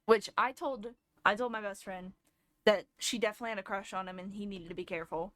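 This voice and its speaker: Young woman streamer, rambling storyteller, laughs often, mid pitch. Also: steady tone, fast talker, a bit bright, no room sound. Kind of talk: casual storytelling chat.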